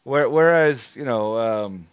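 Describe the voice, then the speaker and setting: A man's voice: medium pitch, takes it slowly, clear, resonant tone, no echo, dull audio. Crude, laughing New man. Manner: crude, swearing, laughing often. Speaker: podcast co-host. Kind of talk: casual chat.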